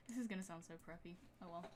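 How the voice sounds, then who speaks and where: Chatty woman over loud synth beats. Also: mid-range voice. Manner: chatty, thinks aloud, self-deprecating. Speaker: music producer streaming. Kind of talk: casual live-stream chat. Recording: music playing loudly behind. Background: electronic beat and synths.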